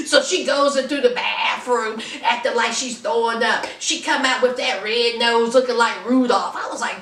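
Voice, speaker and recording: A woman's voice: a little high, unhurried, roomy sound, distant mic. A woman recapping a reality TV show in casual, sassy commentary, full of playful asides. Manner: sassy, animated storytelling with playful quoted voices.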